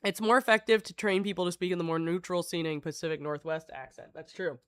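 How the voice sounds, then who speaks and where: A woman's voice: on the low side, fast talker, no room sound. Rambling, swearing woman streamer. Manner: rambling, swears freely, chuckles, talks to her chat. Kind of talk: casual live-stream chat, reading aloud.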